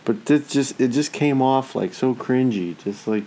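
A man's voice: mid-range voice, moderate pace, rough recording. A man in his thirties in casual chat, telling stories with a lot of swearing and acted-out quotes. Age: 30s. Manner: profane, animated storytelling with voiced asides.

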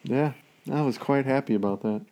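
A man's voice: mid-range voice, moderate pace, mellow. A man in casual chat, rambling through everyday stories and swearing constantly.

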